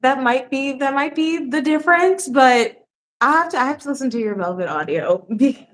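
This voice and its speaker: A woman's voice: high voice, animated, moderate pace, fairly bright tone. A young woman hosting a casual livestream, chatting with a guest, reading viewer questions and laughing often. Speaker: livestream host.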